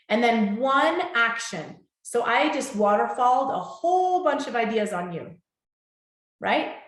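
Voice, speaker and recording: A woman hosting a motivational talk, speaking heartfelt and warm and checking in with her listeners often. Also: fairly high pitch. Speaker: host. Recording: echoey room.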